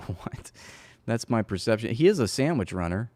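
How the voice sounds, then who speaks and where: Man, sarcastic commentary host, lowish voice, dry close sound, mocking delivery. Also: big pitch swings, normal speed, mellow, no echo. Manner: laughs at his own jokes. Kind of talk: casual commentary.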